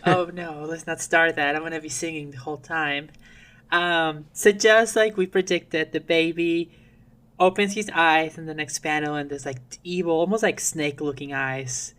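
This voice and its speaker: Low-voiced woman retelling a comic scene. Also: fairly even intonation, moderate pace, a bit bright. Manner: chatty, acts out characters' lines while telling. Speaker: podcast guest. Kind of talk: casual chat, recapping a comic.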